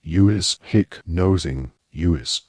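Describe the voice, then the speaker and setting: Drunk female house elf, hiccuping and slurred, as a deep-voiced man reads her, storybook. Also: takes it slowly, darkish tone, husky, no echo, heavily acted. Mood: drunk sulky.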